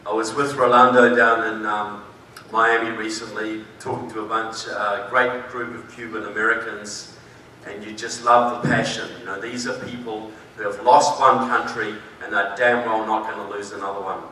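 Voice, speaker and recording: Man, New Zealand accent, conference speech, folksy and emphatic, bright forceful voice, distant mic in a large echoey hall. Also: lowish voice, flat delivery, moderate pace, slight background noise. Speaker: conference speaker.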